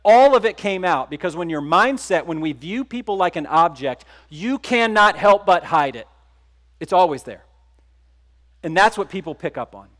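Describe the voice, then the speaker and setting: A man's voice: sits high, expressive, moderate pace, fairly bright tone. Storytelling man giving a keynote. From Texas. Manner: conversational, asks the audience questions. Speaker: keynote speaker. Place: conference stage.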